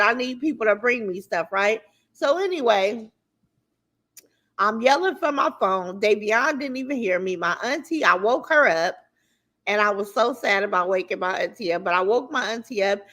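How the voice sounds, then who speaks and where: Chatty woman greeting livestream viewers. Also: a little high. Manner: animated, chatty, swears casually. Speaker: livestream host.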